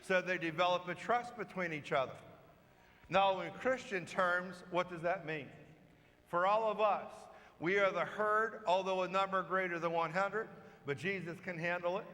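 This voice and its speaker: A priest preaches a homily, telling a story at a slow, emphatic pace. His voice sits high for a man. A long church reverb trails after each line. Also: pushed and bright. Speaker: parish priest. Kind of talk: sermon.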